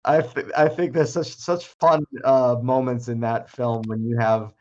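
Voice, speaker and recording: A man's voice: mid-range voice, fairly even intonation, a little slow, dull audio. A man hosting an interview, asking questions in a friendly, conversational way. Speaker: host, interviewer. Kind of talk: casual interview over video call.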